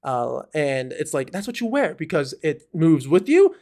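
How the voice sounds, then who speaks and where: A man co-hosting a podcast, chatting casually in a rambling, animated way full of fillers. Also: on the high side, moderate pace. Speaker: podcast co-host. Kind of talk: casual chat.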